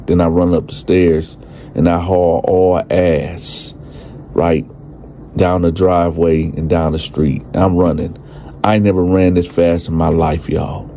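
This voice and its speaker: Low, mellow-voiced male storyteller. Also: flat delivery, a little slow, a little hiss or hum. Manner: profane street slang, addresses listeners as y'all. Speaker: storyteller and channel host. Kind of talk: casual prison storytelling.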